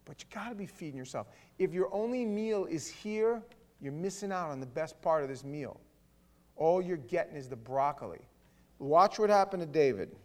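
A man pastor giving a conversational sermon with stammering restarts, swelling into loud fervor. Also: fairly high pitch, animated, moderate pace.

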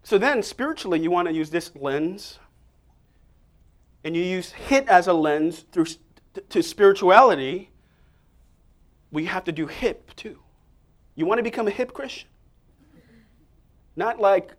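A man preaching an energetic sermon, prompting listeners to repeat phrases to each other. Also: high-pitched, a little slow, pauses often. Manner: energetic, call-and-response prompts to the congregation.

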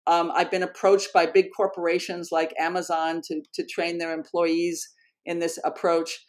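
A woman educator speaking in an interview, earnest and animated, often correcting herself mid-sentence. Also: lowish voice, moderate pace. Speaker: educator and program founder. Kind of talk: conversational interview storytelling.

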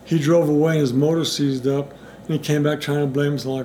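A man's voice: on the high side, steady tone, fairly quick, dark tone, a little hiss or hum. A middle-aged man telling a personal recovery story in a rambling way, full of restarts and acted-out dialogue. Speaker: interviewee in recovery.

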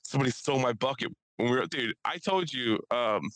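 A young man co-hosting a podcast, telling a story and acting out the people in it with lively voice changes. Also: mid-range voice, fairly quick, no room sound, rough recording. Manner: animated, acts out quotes in shifting voices. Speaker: podcast co-host. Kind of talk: casual storytelling chat. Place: studio.

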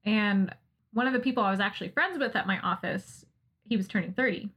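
An American woman in casual podcast chat, animated and laughing as she mock-rants about baking. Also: medium pitch, a little fast, breathy edge, muffled recording. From United States. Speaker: podcast co-host, interviewee.

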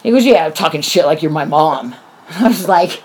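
A woman's voice: sits low, a little fast, breathy edge. A woman in her forties telling a story in casual chat, swearing often and acting out what people said. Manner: animated, swears often, acts out quoted voices.

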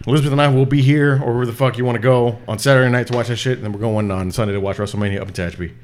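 A young man co-hosting a casual podcast chat with friends, excitable and swearing freely. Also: mid-range voice, very fast, slight background noise. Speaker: podcast co-host.

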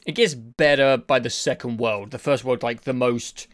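A man's voice: mid-range voice, fairly even intonation, moderate pace. A man co-hosting a casual podcast chat, answering in short, laid-back remarks. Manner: brief, laid-back replies. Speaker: podcast co-host.

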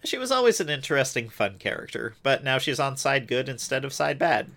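A man co-hosts a recap show in easygoing chat. His pitch is middling and his delivery stays conversational. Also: big pitch swings, fairly quick, bright, forceful tone. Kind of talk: casual chat.

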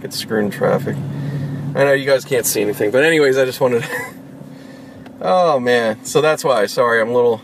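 A man's voice: medium pitch, normal speed, long pauses. A man vlogging from his car in traffic, rambling, irritated and swearing a lot as he talks to viewers. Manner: rambling, profane, with lots of restarts. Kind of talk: casual rambling monologue to viewers. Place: inside a car, driving in traffic. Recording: road and traffic noise.

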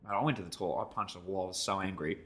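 With a deep voice and rapid-fire speech, this Australian co-host in his thirties tells a story on a laid-back podcast. He acts out everyone involved, animated and loud as he takes on both sides.

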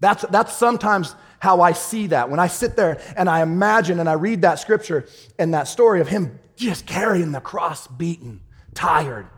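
A man preaching with real fire in a fairly high voice, bursting into loud triumphant shouts and then dropping to a soft, chuckling, confiding tone. His delivery is loose and conversational, full of asides to the congregation. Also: moderate pace, husky, long reverb tail. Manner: animated preaching that swings from shouts to a hushed, laughing storytelling tone. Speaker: pastor. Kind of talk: sermon.

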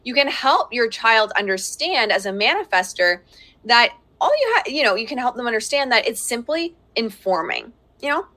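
A woman's voice: fairly high pitch, very animated, normal speed, bright, forceful tone. A woman in her thirties giving a chatty live-streamed parenting talk from home, laughing often and breaking off to speak to her children. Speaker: parenting coach hosting a live workshop. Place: at home with young children around.

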